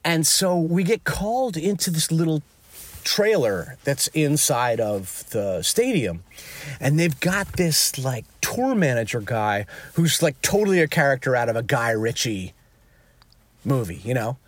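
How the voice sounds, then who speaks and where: A man, a touring musician, telling an anecdote in casual chat, animated and peppered with fillers. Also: a little slow, no echo. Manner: animated, jumps into high excited voices when quoting himself; peppers speech with "like" and "you know". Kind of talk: casual storytelling.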